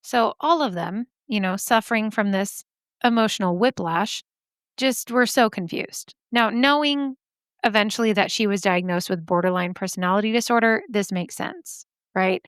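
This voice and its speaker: A woman hosts a true-crime podcast in a relaxed, chatty way. Her voice sits in an ordinary middle range and is recorded dry and close, with almost no room sound. She laughs often and breaks in with sassy asides. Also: medium pitch, moderate pace, smooth, no echo. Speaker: podcast host. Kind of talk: casual true-crime storytelling.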